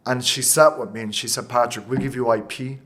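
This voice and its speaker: A man's voice: medium pitch, fairly even intonation, fairly bright tone. Passionate Irish man, talking in bursts. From Ireland. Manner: passionate, emotional, fast bursts with restarts. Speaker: company founder, guest. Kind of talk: interview conversation.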